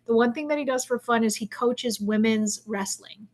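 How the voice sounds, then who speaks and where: A woman in her thirties with a slightly higher voice hosts a video call. She is upbeat and teasing, and she praises the people she talks to. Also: brisk, hardly any pauses. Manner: enthusiastic and teasing. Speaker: host of an accountability call. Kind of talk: casual chat.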